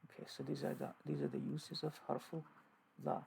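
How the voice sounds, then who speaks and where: A man teaching an informal grammar lesson, halting with fillers and restarts, repeating key terms as he goes. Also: fairly high pitch, little pitch movement, gravelly, darkish tone, slight background noise, rough recording.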